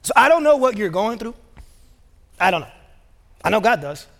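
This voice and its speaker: High-voiced man preaching in a reverberant hall. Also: big pitch swings, normal speed, creaky, a bit bright. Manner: casual storytelling with many fillers. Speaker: pastor. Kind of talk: sermon. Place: large church auditorium. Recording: long reverb of a large church hall.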